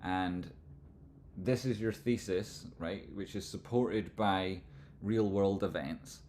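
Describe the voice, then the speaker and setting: A man with a Scottish accent hosting a live stream, explaining stock chart analysis in a relaxed, rambling way. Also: low-pitched, slow, a little hiss or hum. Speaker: livestream host, trading analyst.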